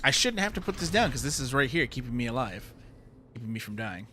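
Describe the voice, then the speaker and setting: A man's voice: mid-range voice, sing-song, quick pace, pushed and bright, a little hiss or hum. A man streaming a game, ranting heatedly with lots of swearing. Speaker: gaming streamer. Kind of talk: ranting commentary while playing a game.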